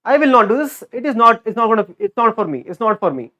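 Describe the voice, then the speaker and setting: A teacher voicing a stubborn creature refusing to breed. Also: male voice, very high-pitched, very animated, fast, pushed and bright, heavily acted.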